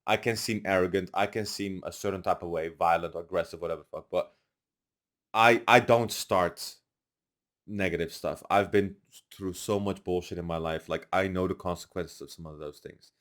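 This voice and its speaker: This podcast guest is a young man whose voice sits low and moves at a normal speed. As he casually spins his stories, he gets animated and performs others' quotes at full volume.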